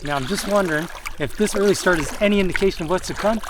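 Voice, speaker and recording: Guy out in the woods talking to his dog, kinda high voice, bit of hiss behind. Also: quick pace. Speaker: vlogger on a canoe trip. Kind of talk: casual outdoor vlog narration. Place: outdoors in a park.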